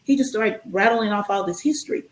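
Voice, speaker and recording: A woman guest telling a long personal story in a casual interview, animated and full of ums and restarts. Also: medium pitch, fairly quick, reverberant, low-quality recording.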